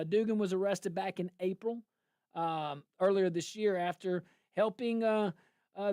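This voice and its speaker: A man's voice: high-pitched, dark tone, no room sound. Brief: male political talk host, emphatic, incredulous, dry close studio mic. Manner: emphatic, incredulous, quick to laugh. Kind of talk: political talk radio banter.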